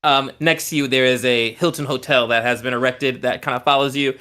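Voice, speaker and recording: A man at a mid-pitched, everyday speaking level who acts as a tabletop game master. He describes scenes at length in a loose, rambling way and keeps coming back to "like" and "um" while he builds the picture. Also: fairly even intonation, brisk, pushed and bright. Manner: loose, descriptive narration full of "like" and "um".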